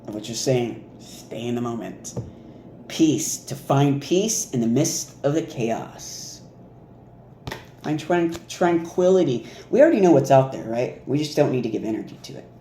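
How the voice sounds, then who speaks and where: Male card reader, casual and animated, warm tone, faint hiss behind. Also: mid-range voice, unhurried. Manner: animated, laughing, mimics reactions. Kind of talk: casual spiritual card reading. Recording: echoey room with faint noise.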